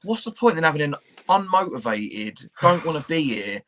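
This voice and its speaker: A man's voice: a little high, sing-song, moderate pace, a bit bright, a little hiss or hum. A man talking football in a casual chat. He is blunt and swears freely, ranting at length about his club. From England. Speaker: podcast co-host.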